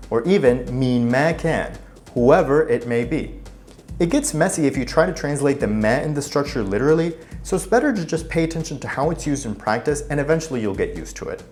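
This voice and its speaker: A man narrating a scripted language lesson as the teacher, explaining clearly and step by step. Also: mid-range voice. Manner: clear, explanatory, lively intonation.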